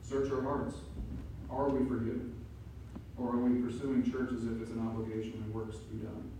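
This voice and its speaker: A man preaching an emphatic sermon as pastor, building to loud peaks. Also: mid-range voice, little pitch movement, normal speed, slight background noise. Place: church sanctuary. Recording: echoey room from far off.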